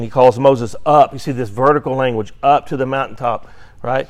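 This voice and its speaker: In this Bible class lecture, a man with a medium-pitched voice teaches an adult Sunday school group at a normal pace and with fairly even intonation. He reads scripture aloud with emphasis, often checks in with "right?", and clears his throat now and then.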